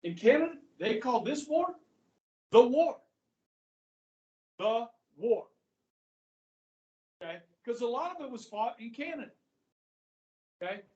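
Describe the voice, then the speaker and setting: A man's voice: very high-pitched, very animated, fairly quick, distant mic, muffled recording. Chatty male history teacher in echoey classroom. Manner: chatty, checks in often with students. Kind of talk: classroom lecture.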